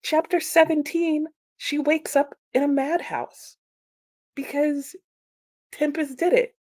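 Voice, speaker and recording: A woman hosting a casual book chat, animated and emphatic, with frequent "like" and laughter. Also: sits high, takes it slowly. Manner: animated and emphatic, with repeated exclamations. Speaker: book livestream host.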